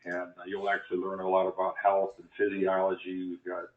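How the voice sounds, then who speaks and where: Deep, flat man on a tinny phone line. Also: a little fast, echoey room, a little hiss or hum. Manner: hesitant, filler-heavy. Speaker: recruiter on a phone call. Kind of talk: sales phone call.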